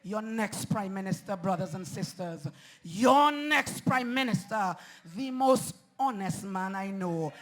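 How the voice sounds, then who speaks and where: Man, fiery rally speech, very high voice, slow deliberate delivery. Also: lively intonation. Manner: impassioned, rousing, shouts slogans to the crowd. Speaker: political rally speaker. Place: outdoor political rally.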